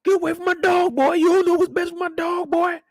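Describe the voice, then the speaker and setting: Man putting on a high-pitched, hostile dog owner, shouting and dry. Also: steady tone, a little fast, no room sound. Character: angry middle-aged man guarding his dog.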